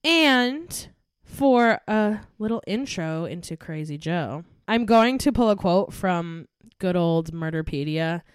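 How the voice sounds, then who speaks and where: A woman's voice: lowish voice, lively intonation, takes it slowly, hardly any pauses, clear, resonant tone, no echo, studio quality. Young woman co-hosting a true crime podcast. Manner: chatty, giggly, reads case notes. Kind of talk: casual podcast chat and case narration.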